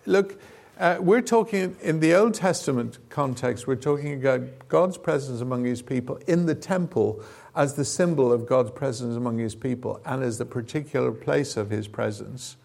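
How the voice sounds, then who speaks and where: A man's voice: medium pitch, moderate pace, vocal fry, darkish tone. A man leading an informal sermon and Bible teaching session, talking conversationally with asides and fillers. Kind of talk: informal sermon with audience participation.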